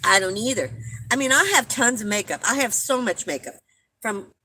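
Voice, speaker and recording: An older woman chats on a live stream in a loose, rambling way, laughing at her own tales. Her voice is bright and forward, and she keeps breaking off to cough. A faint noise sits under the talk. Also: a little high, expressive, moderate pace, poor audio. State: coughing often. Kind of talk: casual live-stream chat with viewers.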